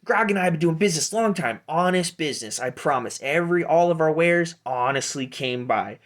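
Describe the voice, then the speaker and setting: A man voicing a shifty, fast-talking male halfling who peddles dubious goods with wheedling sales patter. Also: a little high, animated, voice pushed up, natural voice.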